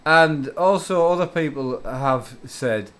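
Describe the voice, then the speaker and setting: A young man chatting casually on a live stream with his father, teasing him and firing quick questions. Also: fairly high pitch, expressive, a bit bright. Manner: teasing, quick questions, talks over the other. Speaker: co-streamer, son of the other player.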